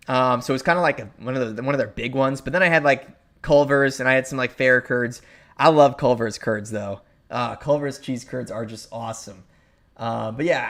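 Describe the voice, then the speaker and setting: A man's voice: mid-range voice, fairly bright tone. A young American man hosting a live weather stream, talking in a loose, chatty way with many fillers as he calls out towns. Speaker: meteorologist livestream host.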